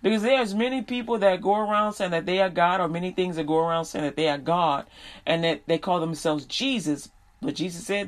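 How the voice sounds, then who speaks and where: A woman's voice: on the low side, a little fast. A woman preaching a sermon, reading scripture aloud and then explaining it in casual street slang.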